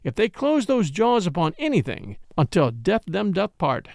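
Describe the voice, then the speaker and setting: A man's voice: sits high, huge pitch swings, normal speed, creaky, darkish tone, no echo, studio quality, exaggerated voice. A man reading the part of a resolute young lawyer, firm and commanding, eager when a plan takes shape. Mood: determined, eager.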